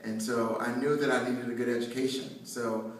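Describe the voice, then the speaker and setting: A man's voice: mid-range voice, level tone, normal speed. A man from North Carolina giving an inspirational speech to students, joking and conversational, with frequent restarts. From North Carolina, USA. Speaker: motivational speaker addressing students. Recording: very echoey hall, heard from a distance.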